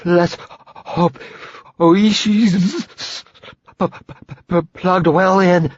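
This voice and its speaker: A man's voice: high voice, steady tone, drawn-out words, no echo, voice pushed up, heavily acted. A man voicing a shivering male smuggler who stutters through chattering teeth in an audiobook. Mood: shivering, urgent. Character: shivering male smuggler, wiry, wry and daring. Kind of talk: audiobook character voice. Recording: dull lo-fi recording.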